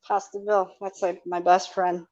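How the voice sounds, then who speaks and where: A woman's voice: on the low side, flat delivery, measured pace, darkish tone, lo-fi sound. A woman co-hosting a podcast in casual chat, teasing and swearing, laughing often. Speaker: podcast co-host.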